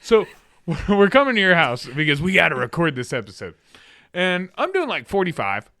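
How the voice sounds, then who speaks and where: A man's voice: on the high side, wildly swooping pitch, normal speed, bright, forceful tone, dry recording, clean studio sound. A young man co-hosting a podcast in casual chat, telling stories animatedly and acting out what others said. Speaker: podcast co-host.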